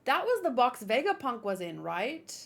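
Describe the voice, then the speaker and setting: A woman's voice: on the high side, big pitch swings, normal speed, creaky, fairly bright tone. A woman hosting a manga read-along, chatting casually with playful, sarcastic asides.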